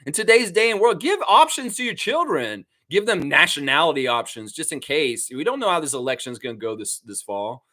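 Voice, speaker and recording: A Canadian-born man hosts a casual live-stream sports chat, reading comments aloud and joking around. His voice is bright and forceful and swings all over in pitch. He laughs easily and keeps the energy high. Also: fairly quick, hardly any pauses. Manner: excitable, laughs often, riffs and jokes.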